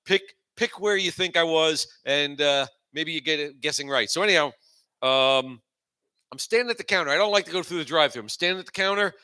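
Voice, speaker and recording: A man in his forties fronting a live open-mic comedy night. His voice is bright and forward, set a little high for a man. He rambles loosely and lands dry, self-mocking punchlines. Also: brisk, clear, resonant tone. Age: 40s. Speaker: host and stand-up comedian.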